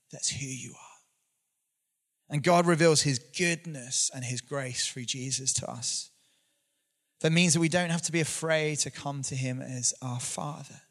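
A man's voice: mid-range voice, fairly bright tone. A man, preaching a conversational sermon with earnest storytelling and some self-deprecating humor.

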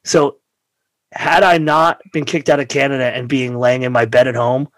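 A man telling a long road story in casual chat, animated and profane, acting out the voices of the people he quotes. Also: mid-range voice, moderate pace, no room sound.

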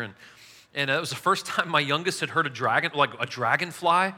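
A man with a raised, bright voice delivers a relaxed, joking sermon. He talks to the congregation casually and pokes fun at his own stories. The sound carries a long reverb from a big church hall. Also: fairly high pitch, fairly quick. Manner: chatty, self-mocking, laughs at his own stories. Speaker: preacher.

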